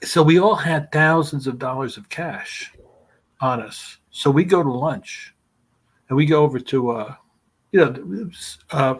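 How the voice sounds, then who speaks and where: A man with a husky, slightly breathy voice tells rambling stories full of profanity. His delivery is loose and conversational, like a guest chatting on a podcast. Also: a little high, unhurried. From New York. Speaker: guest, screenwriter. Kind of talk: casual storytelling.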